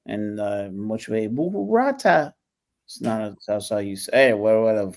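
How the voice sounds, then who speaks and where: A man's voice: lowish voice, completely flat delivery, normal speed, darkish tone, clear, resonant tone. A man in casual livestream chat, stammering, restarting words and trailing off.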